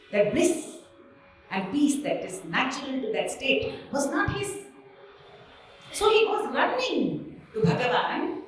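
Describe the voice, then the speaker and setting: A woman's voice: sits high, a little hiss or hum. A woman telling a devotional story, repeating phrases emphatically in a sing-song way. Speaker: spiritual storyteller. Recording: echoey hall, mic far off.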